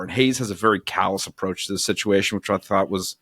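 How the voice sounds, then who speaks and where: Man, podcast co-host, low voice, dry close sound, crude joking, rambling book chat. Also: fast talker, sharp tone, breathy edge, dry recording. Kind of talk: casual book review chat.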